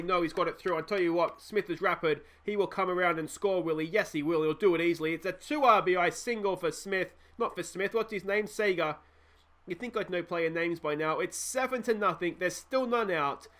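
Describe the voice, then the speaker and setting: Here a high-voiced young Australian calls the action in a baseball video game, excitable and casual. He pokes fun at himself and speaks directly to the people watching.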